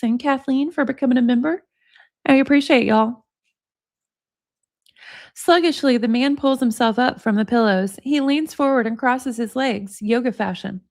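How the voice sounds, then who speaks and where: Woman streamer, expressive reader, chatty asides, dry close sound. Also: sits high, no echo. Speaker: livestream host. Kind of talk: book reading with casual chat.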